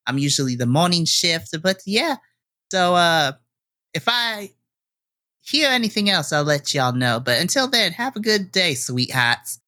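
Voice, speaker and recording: A man's voice: high-pitched, big pitch swings, a little slow, pushed and bright, dry recording, clean studio sound, full character voice. A man voicing a friendly woman diner waitress who calls people sweetheart.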